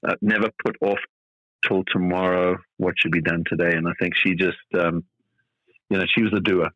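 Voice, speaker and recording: A man's voice: sits low, fairly even intonation, normal speed, fairly bright tone, no echo, muffled recording. A middle-aged man from South Africa, a tennis coach being interviewed on a podcast, talking thoughtfully with many fillers and restarts.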